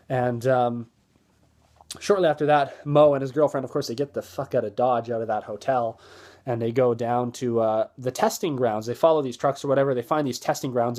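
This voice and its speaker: A man's voice: mid-range voice, a little mellow. A man recapping a film's plot in a loose, rambling way, full of fillers and restarts and briefly acting out the characters' lines. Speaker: movie reviewer.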